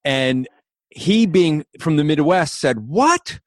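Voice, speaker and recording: A man's voice: a little high, moderate pace, no echo. A man hosting a casual chat, teasing his guest and laughing often. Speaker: host.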